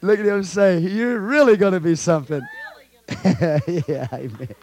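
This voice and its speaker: A pastor with a drawl leading a sermon, preaching in call-and-response and moving between hushed prayer and loud exhortation. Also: male voice, sits high, sing-song, normal speed. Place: church sanctuary.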